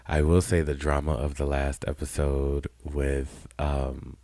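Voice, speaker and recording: A man's voice: very deep voice, little pitch movement, measured pace, gravelly, dark tone, no room sound. A man co-hosting a casual podcast, blunt, profane and opinionated as he chats. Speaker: podcast co-host. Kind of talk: casual chat.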